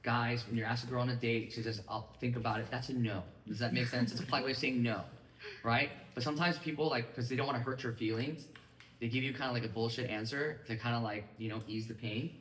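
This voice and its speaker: A man in his thirties talks quickly and casually to a small group, acting out snippets of conversation as he goes. His voice sits at an ordinary pitch. The room behind him rings with echo. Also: steady tone, fairly bright tone, a little hiss or hum. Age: 30s. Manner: fast, casual, acts out quoted dialogue. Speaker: sales team leader. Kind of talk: training talk to a live group. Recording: echoey room.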